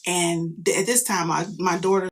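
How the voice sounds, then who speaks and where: A middle-aged mother tells a story in casual conversation, animated and swearing, breaking into loud quoted outbursts. Her voice is fairly low in pitch and her pace is normal.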